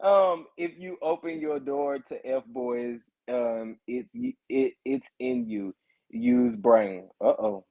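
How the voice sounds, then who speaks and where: Reading viewer comments aloud on his casual livestream, a man with a gravelly, medium-pitched voice chats animatedly. Frequent laughter and repeated phrases with drawn-out exclamations fill the tinny, phone-quality recording.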